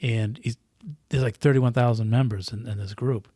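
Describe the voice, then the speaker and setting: A man's voice: medium pitch, fairly even intonation, moderate pace, mellow, no room sound, studio quality. Rambling man. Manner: rambling, lots of restarts and repeated words. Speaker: podcast guest. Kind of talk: casual chat. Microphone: podcast microphone close up.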